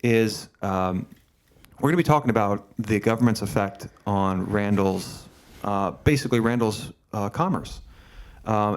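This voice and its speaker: A man from Pennsylvania hosts a podcast interview and wanders through his points with a lot of restarts. His voice sits low, and his talk is casual and unscripted. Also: a little mellow. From Berks County, Pennsylvania. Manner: rambling, many fillers and restarts. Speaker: podcast host. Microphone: camera setup, host seen.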